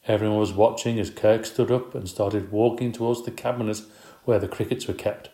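A man reading a children's story aloud as narrator, lively and expressive. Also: lowish voice, fairly quick, reverberant.

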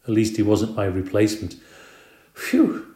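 A man reading aloud, voicing a small cheerful classroom pet hamster with squeaky, excited exclamations. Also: normal speed, lightly acted. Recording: roomy echo.

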